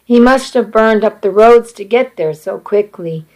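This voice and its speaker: Woman narrating a story in first person, slow and unhurried, plain earnest read. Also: medium pitch, darkish tone, rough recording.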